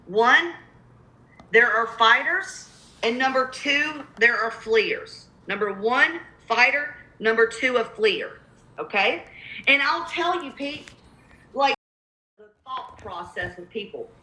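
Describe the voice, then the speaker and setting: A woman's voice: fairly high pitch, animated, slow, pushed and bright, roomy sound, poor audio. A woman with a Southern accent coaching real estate investors on cold calls in a live webinar, emphatic and repeating her key points.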